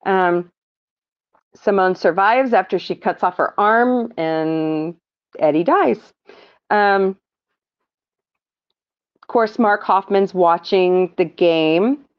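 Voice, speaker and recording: A woman's voice: medium pitch, slow, long pauses, clean tone. A woman hosting a casual movie recap podcast, rambling with frequent ums and laughs. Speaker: podcast host. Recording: dull lo-fi audio.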